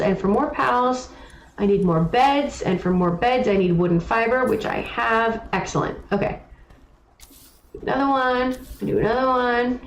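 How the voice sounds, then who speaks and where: A young adult woman streaming a game live, chatting casually and teasingly answering her chat. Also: fairly high pitch. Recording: echoey room with faint noise.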